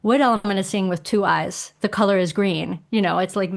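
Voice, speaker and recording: A middle-aged woman talking casually as a podcast guest, explaining ideas with animated emphasis and acting out quoted voices. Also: medium pitch, fairly quick, gravelly, hardly any pauses.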